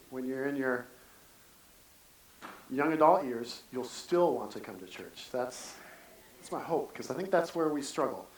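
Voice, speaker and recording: A man giving a casual, earnest church sermon, talking in halting bursts full of restarts. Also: mid-range voice. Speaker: preacher. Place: church sanctuary. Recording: echoey church sanctuary from a distance.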